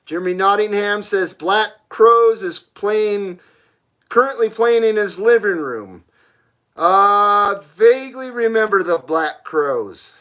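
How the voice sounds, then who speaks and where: A man's voice: high voice, expressive, slow pace, fairly bright tone. A middle-aged man hosting a casual live stream, reading viewers' messages aloud and answering bluntly, with frequent swearing and laughter. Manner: blunt, profane, laughs often.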